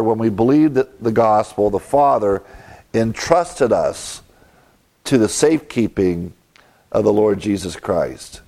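Teaching verse by verse through a Bible passage, a pastor delivers a methodical sermon that unpacks Greek grammar, now and then using fillers. His voice is mid-range with a darkish tone.

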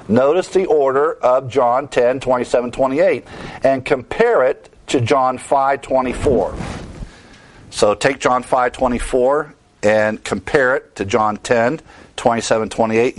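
A man teaching the Bible in a sermon style, earnest and emphatic, stressing key words. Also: mid-range voice.

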